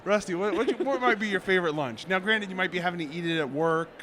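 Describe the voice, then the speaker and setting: A man's voice: high voice, quick pace, pushed and bright. A man hosting a joking chat at an expo, playfully quizzing his co-host and chuckling along. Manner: playful, chuckling, mock-interviewing. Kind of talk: joking banter at an expo table. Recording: crowd noise behind voice. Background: crowd chatter.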